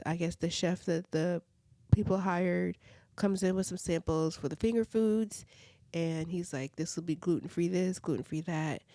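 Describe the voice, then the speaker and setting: Woman, reality TV recap, dark mellow tone, dry close sound, chatty with asides. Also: fairly low pitch, dry recording. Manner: chatty, with many "like" fillers and side comments. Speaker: reality TV reviewer. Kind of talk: casual episode recap.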